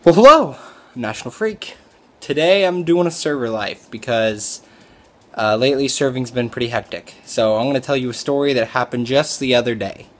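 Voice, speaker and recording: A man's voice: medium pitch, expressive, normal speed. Rambling young man telling a story. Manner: rambling, with many fillers and restarts. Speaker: restaurant server telling a story. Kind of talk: casual storytelling vlog.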